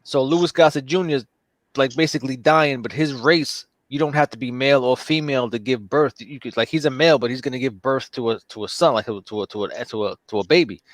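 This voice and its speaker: A man's voice: medium pitch, fairly quick, dry recording. A man in casual chat, telling a movie plot with lots of filler, cursing and acted-out character voices. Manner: animated storytelling, heavy profanity and filler.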